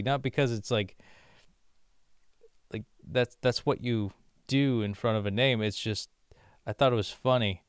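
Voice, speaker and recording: A man's voice: medium pitch, unhurried, pauses often, clear, resonant tone, dry recording, studio quality. A man from the United States giving casual, rambling commentary while doing language-app lessons, full of "like" fillers and amused asides. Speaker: vlogger learning a language.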